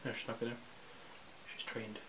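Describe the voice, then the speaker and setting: A man's voice: normal speed, fairly bright tone, slight background noise. A teenage boy chatting casually on his home vlog, rambling and restarting with jokey asides. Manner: rambling, self-interrupting, jokey. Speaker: vlogger. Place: indoors at home.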